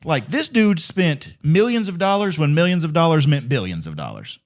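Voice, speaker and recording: A podcast co-host with a drawl, his somewhat high voice swinging widely in pitch as he rants. He talks in loose, profane casual chat and laughs often. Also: moderate pace. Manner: animated storytelling, swearing, laughing often.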